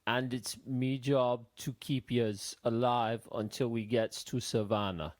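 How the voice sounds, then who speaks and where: A man doing a slow Greek quartermaster. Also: medium pitch, steady tone, darkish tone, no room sound, lightly acted. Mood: gruff. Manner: slow, broken English. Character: gruff, superstitious Greek male quartermaster.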